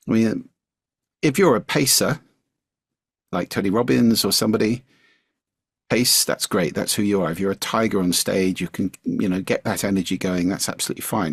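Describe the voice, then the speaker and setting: Older male guest, low gravelly voice with a husky edge, measured and articulate, dry close sound. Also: dry recording. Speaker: guest speaker. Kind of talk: podcast interview, explaining speaking skills.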